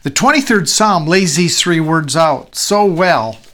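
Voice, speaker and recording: A man's voice: fairly high pitch, animated, unhurried, a bit bright. A male pastor preaching a sermon in a conversational way, repeating key phrases for emphasis.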